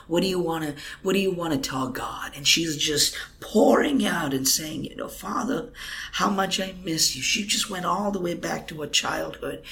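A man's voice: on the high side, a bit bright. A man, a guest minister, telling an emotional testimony in a podcast interview, earnest and at times dropping to a whisper. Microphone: computer microphone.

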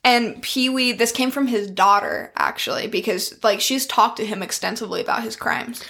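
A woman with a somewhat high voice co-hosts a casual true-crime podcast. She tells the case bluntly and swears freely. She slows down over the grim details. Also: vocal fry, fairly bright tone. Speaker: podcast co-host telling the case.

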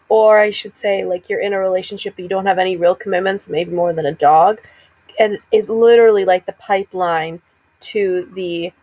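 A woman's voice: medium pitch, a little mellow, rough recording. A woman co-hosting a casual chat, talking in an emphatic, opinionated way full of "like.". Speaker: podcast co-host.

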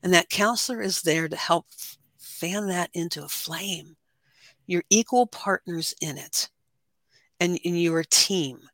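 A woman's voice: lowish voice, measured pace, fairly bright tone, no echo. A woman guest, a life coach and author, speaking earnestly and reflectively in an interview conversation, sometimes repeating words as she searches for them.

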